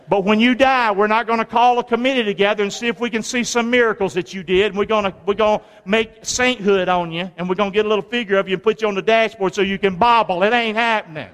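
High-voiced preacher in a hall. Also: male voice, fairly bright tone. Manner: folksy, call-and-response preaching. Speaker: pastor. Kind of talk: lively sermon. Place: large church sanctuary. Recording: long reverb of a large hall.

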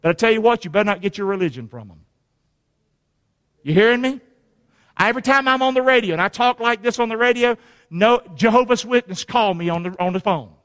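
Emphatic preacher, high voice. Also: male voice, fairly quick, fairly bright tone. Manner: emphatic, calls for congregation to repeat lines. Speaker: pastor. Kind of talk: sermon. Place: church sanctuary. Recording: long reverb of a church hall.

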